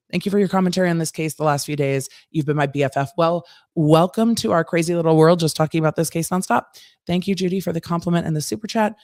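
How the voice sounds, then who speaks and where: An American woman, a former trial lawyer, hosting a live-stream and chatting through viewer comments with quick asides. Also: sits low, a little mellow, no echo, clean studio sound. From United States.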